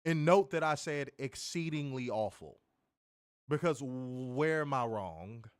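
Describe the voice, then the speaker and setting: Man, mid-pitched, sarcastic exasperated podcast co-host, dry close sound. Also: lively intonation, slow, clear, resonant tone, dry recording. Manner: exasperated, profane, sarcastic, addresses listeners as y'all. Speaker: podcast co-host reviewing wrestling. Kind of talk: casual ranting review.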